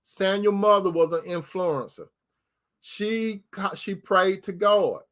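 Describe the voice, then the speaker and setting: Male preacher with a high voice, folksy and direct, chatty streaming sermon. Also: takes it slowly, fairly bright tone. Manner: folksy, repeats phrases for emphasis, addresses listeners directly. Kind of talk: informal preaching to an online audience.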